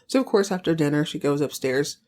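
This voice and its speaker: A woman's voice: low-pitched, lively intonation, brisk, darkish tone. A woman podcast host giving a chatty, sassy recap of a TV episode, wandering off on tangents as she goes.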